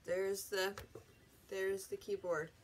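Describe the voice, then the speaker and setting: A woman's voice: mid-range voice, level tone, takes it slowly, slight background noise. A woman hosting a home video, chatting casually and correcting herself as she unboxes a gadget. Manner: chatty, rambling, self-correcting. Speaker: vlog host.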